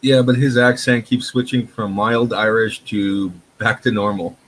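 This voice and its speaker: A man's voice: lowish voice, flat delivery, unhurried, a bit bright, poor audio. A man co-hosting a live stream, throwing in dry quips and laughing often. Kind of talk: casual chat.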